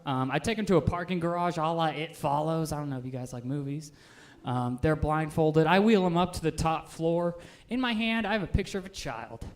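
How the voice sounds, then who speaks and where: A man in his twenties doing a stand-up set, with an offhand, deadpan delivery full of "um"s. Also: a little high. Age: 20s. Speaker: stand-up comedian. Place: live comedy stage.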